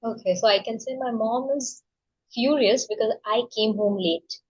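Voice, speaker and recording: A woman's voice: fairly high pitch, normal speed, a little mellow, breathy edge. Eager woman learner on a dull call line. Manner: eager, asks many questions. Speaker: English learner. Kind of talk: casual practice conversation.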